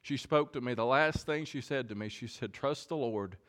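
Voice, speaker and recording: Preacher guy in church, earnest sermon, keeps repeating himself mid-point, middle-pitched voice. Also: a little fast, a bit bright. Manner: earnest, repeats words while building a point.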